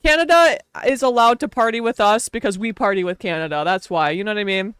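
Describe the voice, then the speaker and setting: A woman's voice: mid-range voice, quick pace, fairly bright tone, clear, resonant tone, no echo, clean studio sound. A young woman from Wisconsin with a Wisconsin accent, chatting casually on a stream, rambling and laughing often.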